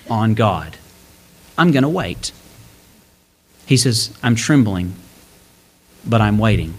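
A man preaching a sermon, reading scripture verses aloud and explaining them, his delivery rising and then dropping low for emphasis. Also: takes it slowly, pauses often. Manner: expository preaching, reads scripture aloud, swings between lifted and hushed delivery.

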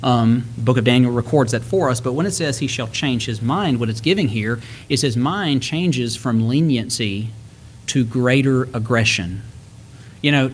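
A man preaching a sermon, reading scripture slowly and breaking into quick, folksy asides. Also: medium pitch, slight background noise. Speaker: pastor.

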